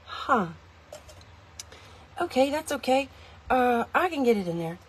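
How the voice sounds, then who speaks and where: Lady vlogging a product review from her car, slightly high voice, chatty and self-mocking. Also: very animated, measured pace, husky. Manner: rambling, self-mocking, talks to viewers. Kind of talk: casual product review vlog.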